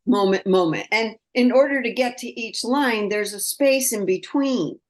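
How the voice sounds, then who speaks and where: A woman hosting a spiritual podcast, talking with a client over a video call in a slow, searching way that trails off between phrases. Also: a little high. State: tearful, crying. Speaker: spirit messenger, podcast host. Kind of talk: spiritual conversation, channeling.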